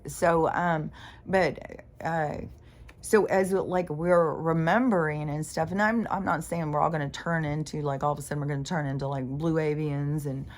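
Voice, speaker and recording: Low-voiced woman rambling profanely. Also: fairly even intonation, moderate pace. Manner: meandering, profane, full of fillers and restarts. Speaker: spiritual vlogger. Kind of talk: rambling casual monologue.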